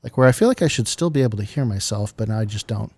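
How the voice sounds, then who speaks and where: A man's voice: lowish voice, animated, fast, darkish tone, slightly rough. A man co-hosting a podcast in a casual chat, rambling with lots of fillers into a studio microphone. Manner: chatty, rambling, filler-heavy. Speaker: podcast co-host. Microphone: studio podcast mic with headphones.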